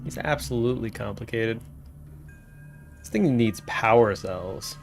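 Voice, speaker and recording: A man's voice: mid-range voice, animated, measured pace, creaky, soft background music. A man streaming a game, casually thinking aloud and rambling between tasks. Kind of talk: casual gameplay commentary.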